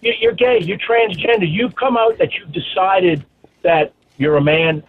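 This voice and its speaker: A man's voice: high-pitched, a little slow. A man from New Orleans calling into a radio show, blunt and profane in how he talks. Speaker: caller. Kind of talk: phone-in opinion. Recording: tinny phone line with faint noise.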